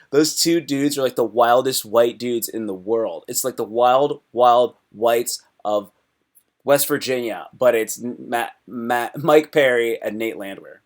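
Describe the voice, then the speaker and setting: A man hosting a live stream, recapping fights in loose, excitable chat that jumps from topic to topic and breaks into sudden loud yelps. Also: medium pitch, slow.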